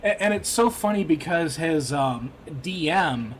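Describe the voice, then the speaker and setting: A man co-hosting a podcast, talking in a rambling, halting way full of fillers and restarts. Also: a little high, animated, slight background noise. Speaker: podcast co-host. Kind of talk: casual chat. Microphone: computer mic. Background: keyboard typing.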